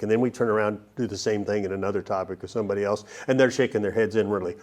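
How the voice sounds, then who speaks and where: Man teaching a halting Bible lesson. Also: on the low side, fairly even intonation, darkish tone. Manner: halting, many restarts and fillers.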